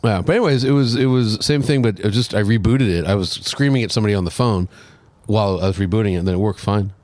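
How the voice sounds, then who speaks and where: Low-voiced man in relaxed chat. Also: fast, dry recording. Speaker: podcast co-host. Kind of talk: casual chat.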